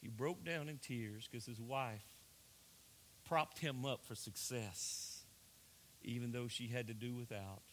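Pastor, male, middle-aged; earnest sermon delivery, hushed then rising; bright tone. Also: mid-range voice, slow, a little hiss or hum. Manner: earnest preaching, swings between hushed and raised.

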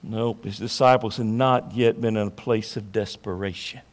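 A man preaching a sermon, swinging from hushed, slow lines to loud, emphatic ones. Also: on the low side, steady tone, big-room sound.

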